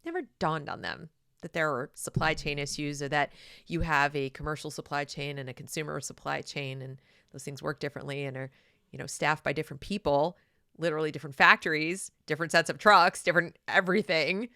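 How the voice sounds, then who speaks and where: A woman hosting an opinion commentary monologue, speaking in an animated, sarcastic way. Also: low-pitched, fairly quick, no room sound, clean studio sound. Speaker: channel host.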